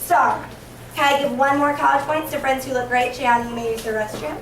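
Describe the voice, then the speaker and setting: A young woman teaching an elementary class, giving brisk countdowns, directions and praise to her students. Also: high-pitched, background noise. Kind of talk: classroom management. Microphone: camera across the room. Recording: distant echoey classroom camera audio. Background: children moving about.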